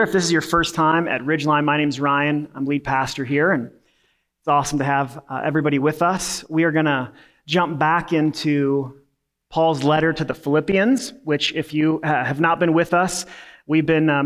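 Male lead pastor, casual sermon delivery, slightly high voice, lots of fillers. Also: a bit bright. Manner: conversational, self-deprecating, frequent uh fillers. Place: church sanctuary.

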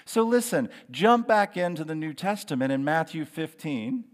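A man preaching a sermon as pastor, earnest and encouraging, stressing key words with slow drawn-out phrases. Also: on the high side, expressive. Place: church sanctuary. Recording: long hall reverb.

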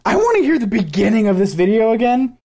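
A man's voice: high voice, very animated, quick pace, a little mellow. A man from the American South co-hosting a podcast, chatting casually and laughing often as he mocks what he is hearing. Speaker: podcast co-host. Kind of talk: casual chat.

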